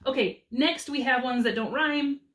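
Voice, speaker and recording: A homeschool mom in her thirties gives casual book recommendations, chatting about her favorite picture books. Her voice is high-pitched and fairly bright, at a moderate pace, and she's enthusiastic with frequent ums.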